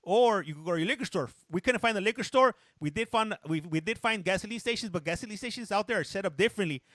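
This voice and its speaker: Quick-paced and lively, this high-voiced livestream host rambles through a chatty story, frequently stopping to read comments and respond to viewers by name. He occasionally drops into a bit of Spanish. His tone is fairly bright, and the studio-quality audio has no echo.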